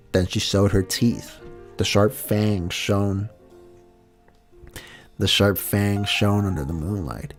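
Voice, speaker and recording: A man's voice: sits low, a little slow, a little mellow, soft background music. A man streaming a reading of fan fiction, casual, laughing at his own mix-ups and swearing now and then.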